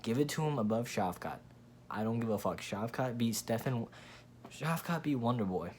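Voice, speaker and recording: A man's voice: mid-range voice, expressive, normal speed, darkish tone, a little hiss or hum. A man hosting his own channel, giving a blunt, profane, rambling casual opinion rant with frequent restarts. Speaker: MMA commentary channel host.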